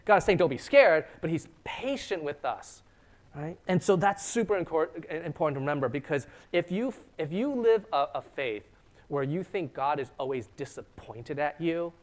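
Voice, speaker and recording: A male pastor giving a casual, animated sermon, talking conversationally and acting out the voices of biblical figures. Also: a little high. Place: church sanctuary.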